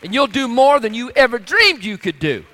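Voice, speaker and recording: A man's voice: very high-pitched, very animated, normal speed, bright, forceful tone, in a large hall, a faint crowd. A male pastor preaching a sermon, pressing the congregation with rhetorical questions.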